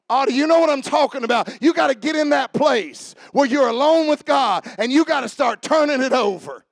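A male pastor, preaching a Father's Day sermon with a rising, shouted cadence. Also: very high-pitched, gravelly, dry recording.

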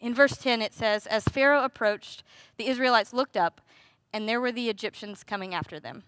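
A woman delivers a sermon in a high, bright voice. She talks conversationally, with rhetorical questions and lively asides. The sound is close and dry. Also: moderate pace, clear, resonant tone, no echo. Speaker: preacher.

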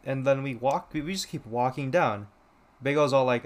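A man's voice: mid-range voice, fast. Rambling young man telling a story. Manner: rambling, lots of "like", quoting others. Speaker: podcast co-host. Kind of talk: casual storytelling chat.

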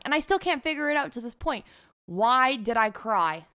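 A woman's voice: sits high, expressive, normal speed, bright, forceful tone, smooth, no room sound, studio quality. Frank, foul-mouthed young woman. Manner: frank and profane, laughing often. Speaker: vlogger. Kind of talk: candid confessional storytelling.

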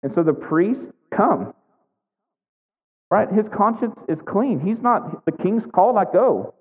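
A man's voice: sits high, lively intonation, slow, breathy edge. A man preaching a sermon, retelling a scripture story conversationally and checking in with "right?" as he goes. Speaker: pastor. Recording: echoey hall, thin phone-like sound.

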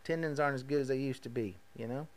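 Animated man telling stories. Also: mid-range voice, fast talker. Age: 30s. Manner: animated, acts out quoted voices, laughs at himself. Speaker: podcast host, rodeo roper. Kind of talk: casual storytelling monologue.

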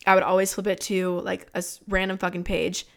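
Low-leaning, gravelly and monotone, she talks fairly quickly. This young podcast host in her twenties shares a personal story in a blunt, casual way, cursing a lot and saying "like" constantly.

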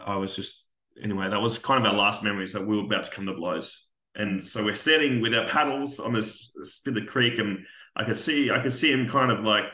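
A man with a lowish, pushed, bright voice appears as a podcast guest and tells an honest, raw account from his time as an army veteran. He curses freely and voices the other people in the story, with the room's echo audible around him.

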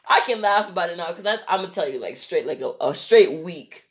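A woman telling a personal story in an animated, rambling way, acting out the people in it and repeating herself. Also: on the low side, fairly quick. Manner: animated, acts out the voices of people in her story; rambling, repeats and restarts phrases.

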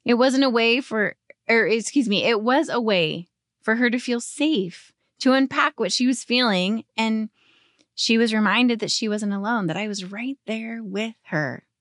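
A woman in her thirties hosting a devotional podcast, teaching scripture with earnest, expressive storytelling that slows and softens on tender points. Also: fairly high pitch, dry recording, clean studio sound. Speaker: podcast host.

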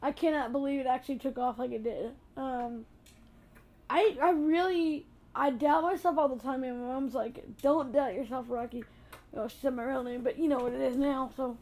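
A woman hosting her own podcast, chatting in a gushing, excitable way. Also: high-pitched, moderate pace, poor audio. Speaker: podcast host. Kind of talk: casual podcast chat.

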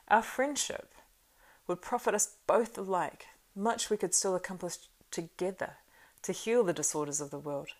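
A woman's voice: fairly low pitch, vocal fry. A woman voicing a proud, silver-tongued old male wizard in an audiobook reading, lofty and coaxing in manner. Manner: coaxing and lofty, turning hissing and scornful.

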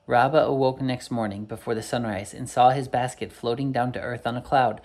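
A man's voice: mid-range voice, fairly even intonation, fairly quick, few pauses, a little mellow, a little hiss or hum. A man reading an old storybook aloud, unpolished, with occasional slips and self-corrections.

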